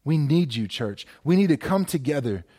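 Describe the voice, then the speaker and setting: A man's voice: fairly high pitch, big pitch swings, moderate pace, warm tone, husky. A man preaching a sermon as a pastor, exhorting with repeated phrases and frequent stammered restarts, addressing viewers at home. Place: speaking to a camera for viewers at home.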